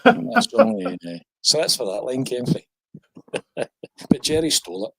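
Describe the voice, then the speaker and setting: A man's voice: on the high side, big pitch swings, normal speed, gravelly, a bit bright, husky, dry recording, low-quality recording. An older man with a Scottish accent, a podcast guest telling stories in casual chat with a chuckle. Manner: anecdotal, chuckling storyteller.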